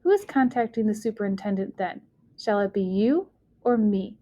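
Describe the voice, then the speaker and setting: A woman reading an audiobook, voicing a stern and angry adult woman at a school who speaks in clipped, measured lines. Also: mid-range voice, animated, mellow, natural voice.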